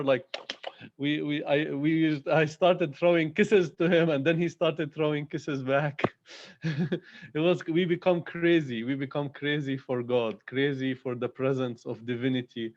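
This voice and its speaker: A man's voice: mid-range voice, lo-fi sound. A man giving a devotional talk at a spiritual gathering, fervent and laughing often as he speaks of love for God. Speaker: satsang speaker. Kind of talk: devotional talk with poetry reading.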